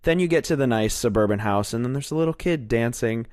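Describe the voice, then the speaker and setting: A man's voice: medium pitch, fast talker, a little mellow, clean tone, no room sound. A man co-hosting a podcast, talking eagerly about horror films and swearing casually. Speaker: podcast co-host. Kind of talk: casual film discussion.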